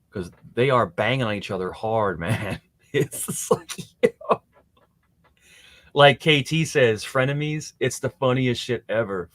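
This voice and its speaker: A man's voice: medium pitch, fairly bright tone, no echo. A man chatting casually on a livestream, rambling and laughing as he mimics others. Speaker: streamer.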